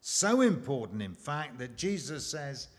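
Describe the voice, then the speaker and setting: A man preaching a sermon, slow and emphatic, with dramatic pauses and rhetorical questions. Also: mid-range voice, very animated.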